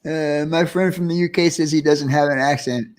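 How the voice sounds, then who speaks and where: New York host, higher voice, chatty and quick to laugh. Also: male voice, steady tone. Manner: reads out viewer comments, chatty, laughs easily. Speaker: live-stream host. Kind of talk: casual live-stream chat.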